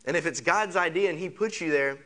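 A man's voice: a little high, fairly quick, fairly bright tone. A man preaching a sermon. He repeats phrases, piles up rhetorical questions and leads the congregation in saying lines back. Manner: leads the congregation in call-and-response. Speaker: pastor.

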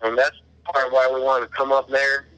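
Male caller, bright edge, dry mic, profane storyteller quoting himself. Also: medium pitch, level tone, fairly quick, clean tone, dry recording, low-quality recording. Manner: profane, retells dialogue in quoted voices. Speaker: caller recounting a phone call. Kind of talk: casual storytelling.

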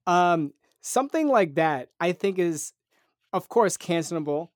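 A man musing aloud in a casual podcast chat, his voice slightly high. He works up to strong points. The sound is dry. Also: animated, unhurried, no room sound.

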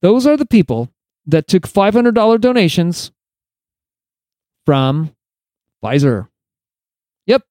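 A man's voice: sits high, sing-song, takes it slowly, pauses often, a little mellow, no echo. A male podcast host delivering opinionated solo commentary, sarcastic and emphatic, lecturing his listeners.

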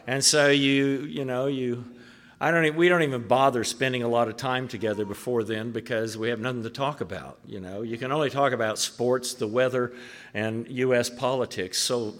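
A man's voice: mid-range voice, fairly bright tone. A man preaching a sermon in a church, chatty and often using filler words. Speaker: pastor. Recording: echoey hall.

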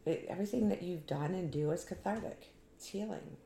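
Host: woman, low voice, supportive and affirming, echoey room sound. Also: brisk, gravelly, warm tone, a little hiss or hum. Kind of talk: casual interview chat.

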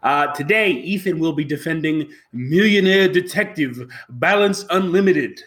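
A man hosting a comedy podcast about bad anime, talking in a rambling, halting way and laughing often. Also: a little high, expressive, fairly bright tone. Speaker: podcast host. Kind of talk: casual comedy podcast chat.

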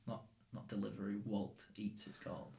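A man's voice: lowish voice, completely flat delivery, normal speed, vocal fry, mellow, echoey room. A young Northern English man chatting casually as podcast host, rambling and swearing freely. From England. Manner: rambling, swears, laughs often. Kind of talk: casual chat.

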